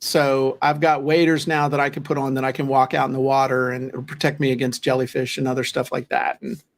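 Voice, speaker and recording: A man co-hosting a casual talk show, telling stories in an animated, folksy way. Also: medium pitch, fairly quick. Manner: animated storyteller, folksy asides. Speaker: podcast co-host. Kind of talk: casual chat.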